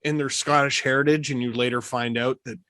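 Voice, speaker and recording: Brief: male podcast host in his thirties, bright and sharp tone, dry close sound, gushing and excitable. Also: medium pitch, no echo. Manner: excitable, gushing, quick to laugh. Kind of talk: casual chat.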